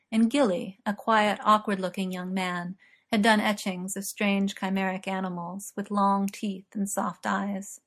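A woman reading fiction aloud, expressive and unhurried. Her voice sits at a middling pitch. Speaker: narrator.

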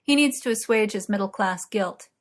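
A woman reading aloud, voicing a fiery young male poet who rants loudly and dramatically. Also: medium pitch, moderate pace, lightly acted. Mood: teasing. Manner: loud, impassioned ranting.

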